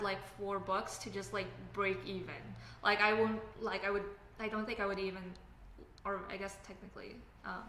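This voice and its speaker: A Canadian woman chatting on a relaxed livestream, her tone bright and forward. She rambles with constant fillers and restarts. The audio is captured in an echoey room with a faint hiss underneath. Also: mid-range voice. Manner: rambling, filler-heavy, self-correcting. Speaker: livestream host reading chat. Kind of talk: casual live chat while building.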